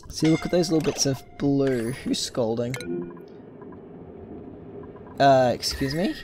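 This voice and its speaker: A man's voice: mid-range voice, slow pace, background noise. Rambling man thinking aloud over gameplay. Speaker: gameplay video host. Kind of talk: casual gameplay commentary.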